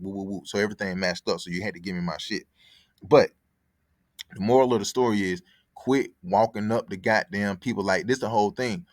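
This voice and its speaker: Speaking fast in a lowish voice, this podcast host, Connecticut-born and Atlanta-raised, rambles through a profane, casual story and repeats himself often. The sound is clean studio audio with no room sound.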